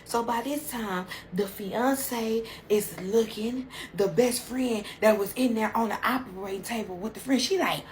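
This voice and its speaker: A woman's voice: on the high side, measured pace, hardly any pauses, darkish tone, slight background noise. A woman telling a dramatic story in a chatty, casual way. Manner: dramatic, chatty, sprinkles endearments. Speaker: storytime video host.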